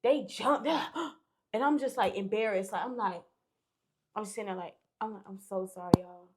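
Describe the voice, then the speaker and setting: A woman's voice: fairly high pitch, lively intonation, normal speed, breathy edge. A young woman, a podcast guest, telling a story in casual chat, candid and profane, acting out what people said.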